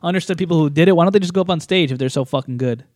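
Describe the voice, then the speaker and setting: A man co-hosting a podcast in casual chat, crude and joking, firing quick questions. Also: on the high side, a little mellow, dry recording, clean studio sound.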